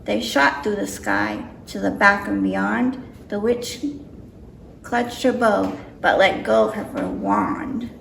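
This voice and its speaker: A woman's voice: medium pitch, animated, slow pace, vocal fry, fairly bright tone, slight background noise. A woman reading a picture book aloud with careful, slightly nervous delivery. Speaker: storybook reader. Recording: roomy echo, mic far off.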